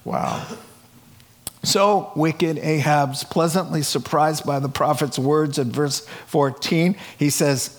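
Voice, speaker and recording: A pastor with a fairly high, animated voice preaches slowly and conversationally to a live church congregation, chatting, posing rhetorical questions and frequently tacking on "right?".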